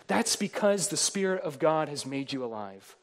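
A man's voice: on the high side, sing-song, moderate pace. A man preaching a sermon as pastor to his congregation, earnest, building emphasis through repeated phrases.

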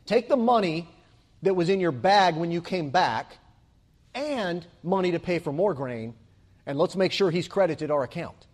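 A man's voice: high-pitched, darkish tone, slightly rough. A man preaching a sermon in an earnest, emphatic way, repeating phrases for stress.

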